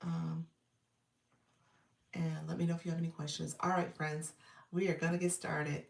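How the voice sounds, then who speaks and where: A woman's voice: sits low, flat delivery, moderate pace, creaky, roomy sound, far from the mic. A woman coaching live hosts on a livestream, sounding congested from an illness. She greets viewers by name and laughs often. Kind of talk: casual livestream chat with viewers.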